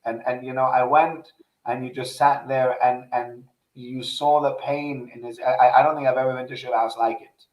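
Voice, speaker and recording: A man's voice: medium pitch, level tone, normal speed, muffled recording. A man in casual conversation, telling a heartfelt personal story in an earnest way, with many restarts. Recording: echoey room.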